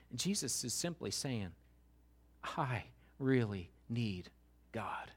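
A middle-aged man preaching a sermon as pastor, dropping to a hushed, slow voice and then building to loud, emphatic questions. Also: mid-range voice, very animated, husky.

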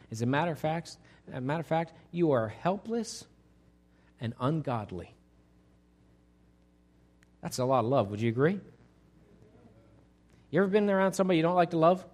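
A pastor preaching a conversational sermon to his congregation, swinging between loud emphasis and quiet, hushed lines. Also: on the high side, lively intonation, moderate pace, long pauses. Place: church sanctuary.

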